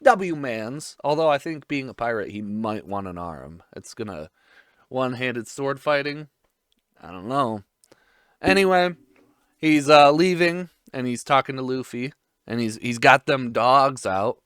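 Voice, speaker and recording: A man's voice: mid-range voice, animated, a little slow, fairly bright tone, clean tone, dry recording, clean studio sound. A man in his twenties giving a casual episode recap, rambling with irreverent, crude jokes. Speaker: vlogger.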